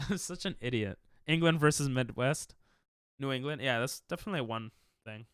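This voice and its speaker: A man's voice: mid-range voice, normal speed, fairly bright tone, clean tone, no echo, studio quality. A sick, coughing man, casually chatting and joking with his chat while he streams a game. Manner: casual, jokey, reads and answers chat. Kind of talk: live-stream gaming chat.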